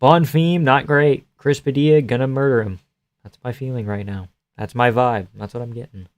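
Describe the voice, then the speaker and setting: A man's voice: medium pitch, steady tone, moderate pace, no room sound. A young man from the Boston area chatting casually on a live stream, reading comments aloud, joking, swearing and laughing often. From Boston area, USA.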